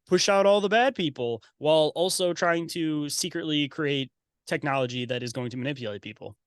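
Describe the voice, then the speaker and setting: A man's voice: a little high, a little fast, clean tone, no room sound, clean studio sound, close to an everyday voice. A man doing a mocking impression of a laid-back male tech billionaire, talking in a breezy, mock-casual drawl.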